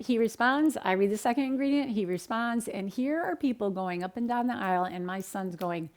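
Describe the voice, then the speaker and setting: A middle-aged woman dietitian from the United States, giving an upbeat, animated talk in her home kitchen and acting out the people in her stories. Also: medium pitch. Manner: upbeat, animated, acts out quoted dialogue. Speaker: dietitian and speaker. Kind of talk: direct-to-camera talk with storytelling.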